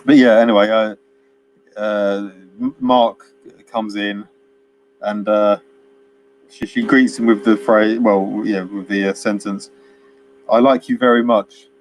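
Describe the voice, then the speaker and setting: A man's voice: lowish voice, little pitch movement, slow pace, pauses often, a little hiss or hum. A man co-hosting a casual film chat, rambling through scenes, laughing often and acting out bits of dialogue. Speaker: film podcast co-host.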